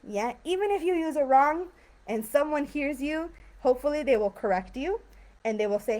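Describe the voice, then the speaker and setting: A woman's voice: sits high, expressive, moderate pace, darkish tone. A woman teaching an English vocabulary lesson on a livestream, chatty and encouraging with plenty of fillers. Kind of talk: live-streamed language lesson.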